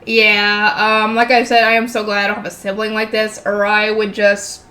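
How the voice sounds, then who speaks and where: A woman's voice: mid-range voice, completely flat delivery, normal speed, pushed and bright. A woman reading a novel aloud as a channel host, breaking off for chatty, exasperated asides. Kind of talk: reading aloud with casual commentary.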